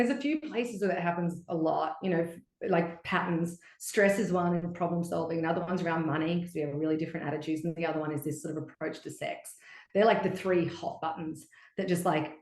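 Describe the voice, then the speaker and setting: Expressive woman guest in an echoey room. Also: lowish voice, brisk. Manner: expressive, lively, often acts out quoted voices. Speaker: podcast guest, relationship coach. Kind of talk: casual podcast conversation.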